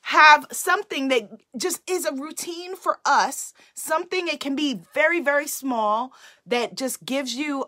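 Woman as spiritual livestream host: bright, affirming, repeats her lines like a sermon. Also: sits high, a little slow. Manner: affirming, repetitive, sermon-like cadence. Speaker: spiritual coach hosting a livestream. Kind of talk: inspirational live-stream talk. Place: home.

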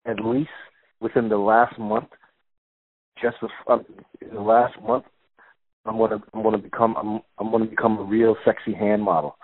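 A man's voice: lowish voice, steady tone, moderate pace, no echo. A man chatting casually on a podcast, joking in a laid-back way and often repeating his words. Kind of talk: casual chat. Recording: dry phone-like sound.

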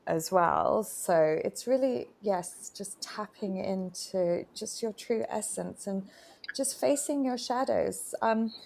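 A woman's voice: medium pitch, slow pace, vocal fry, darkish tone, a little hiss or hum. A woman co-hosting a live chat, telling a personal story in an earnest, heartfelt way. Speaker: co-host, retreat facilitator. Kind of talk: casual live-stream chat.

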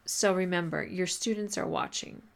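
A woman's voice: lowish voice, fairly even intonation, normal speed, gravelly. A woman hosting a podcast, giving teachers casual advice in a chatty, filler-heavy way and laughing often. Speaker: podcast host coaching teachers.

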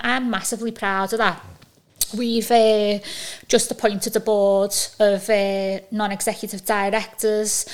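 Scouse woman in her forties, interview guest, mid-range voice, candid and earnest, stumbles a little. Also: medium pitch. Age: 40s. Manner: candid, earnest, halting with repeats. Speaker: guest, managing director. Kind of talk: conversational podcast interview.

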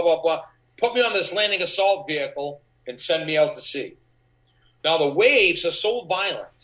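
A middle-aged man, an actor guest, telling animated anecdotes in an interview and acting out the voices of the people in them. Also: a little high, low-quality recording. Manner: animated, acts out quoted voices. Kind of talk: anecdotal storytelling.

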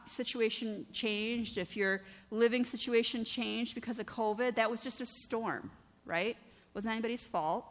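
A middle-aged woman pastor giving a conversational, lively sermon, often checking in with the congregation. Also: medium pitch. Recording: long church-hall reverb.

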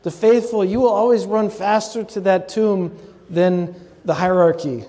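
High-voiced man lecturing in a reverberant hall. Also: steady tone, unhurried, dark tone. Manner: conversational and humorous, with asides to the audience. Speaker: lecturer and podcast host. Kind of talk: lecture on scripture. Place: large lecture hall at a convocation. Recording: long hall reverb from a live talk.

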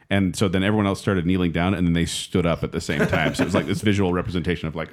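A man's voice: low-pitched, fairly even intonation, fast talker, few pauses. A man co-hosting a casual podcast chat, earnest and openly emotional as he talks. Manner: earnest, emotional, reads passages aloud. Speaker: podcast co-host.

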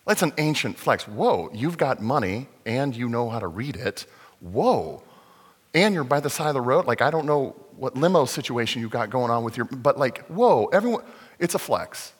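Animated pastor preaching in a hall. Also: male voice, medium pitch, normal speed, husky. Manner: animated, acts out scenes, swings from loud excitement to hushed. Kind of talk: sermon. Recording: long hall reverb.

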